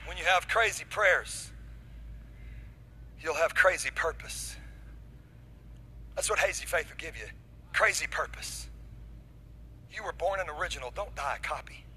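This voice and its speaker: A man preaching a lively sermon as pastor, acting out stories with dramatic, building energy. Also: a little high, a little slow, pauses often, a little hiss or hum, poor audio. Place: church.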